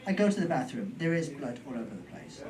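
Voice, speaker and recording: A man's voice: medium pitch, very animated, fast talker, distant mic, crowd noise, low-quality recording. A British man doing storytelling stand-up on a club stage, rambling and self-deprecating with trailing asides. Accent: British English. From Britain. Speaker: stand-up comedian.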